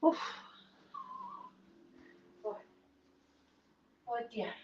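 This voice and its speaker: Speaking very slowly in a mellow voice, the older Scottish channel host chats cheekily at home, a little breathless. A slight hiss or hum runs through the somewhat dull lo-fi recording.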